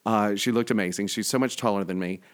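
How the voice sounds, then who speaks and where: A man hosting a show, telling a story in an excitable, chatty way full of fillers. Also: fairly low pitch, quick pace, clear, resonant tone. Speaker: host. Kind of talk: casual chat.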